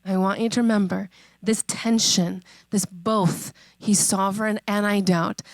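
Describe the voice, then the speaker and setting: A woman in her thirties preaching a sermon, conversational and emphatic, repeating questions and slowing on key phrases. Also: medium pitch, fairly even intonation, no echo. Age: 30s. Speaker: pastor.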